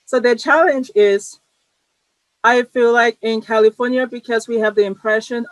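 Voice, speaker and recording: A woman with a somewhat high speaking voice talks as a podcast guest, recorded close and dry with no room sound. She tells her stories in an animated way and laughs easily between them. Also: fairly quick, no echo, low-quality recording. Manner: animated storyteller who laughs often. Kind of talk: conversational interview.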